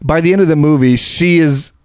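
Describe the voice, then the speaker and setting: A man's voice: a little high, a little fast, clear, resonant tone, no echo, clean studio sound. Ranting man dissecting movie tropes. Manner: ranting, critical, swears freely. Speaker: podcast co-host. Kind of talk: casual movie discussion.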